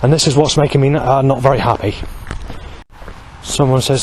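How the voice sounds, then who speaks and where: A man's voice: mid-range voice, fairly even intonation, a little fast, poor audio. A man in his forties talking outdoors beside a road, in an agitated, aggrieved monologue that keeps circling back and restarting. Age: 40s. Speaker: vlogger. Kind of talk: rambling outdoor monologue to camera. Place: outdoors by a road under a bridge. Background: passing traffic.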